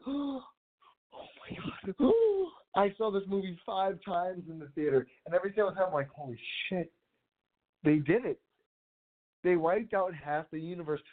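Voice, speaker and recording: A man excitedly recapping a movie in casual chat, swearing often. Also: a little high. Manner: excitable, profane. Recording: tinny phone-like line.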